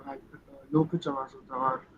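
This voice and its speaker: Male student, very fast flat answer, dull distant sound, faint noise. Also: mid-range voice. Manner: rushed, hesitant answer with fillers, in Hindi. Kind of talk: classroom answer.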